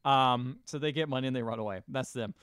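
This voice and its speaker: Male podcast co-host, casual film recap, smooth clear tone, dry close sound. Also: fast, a bit bright, no echo. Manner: rambling, jokey, acts out lines in high silly voices.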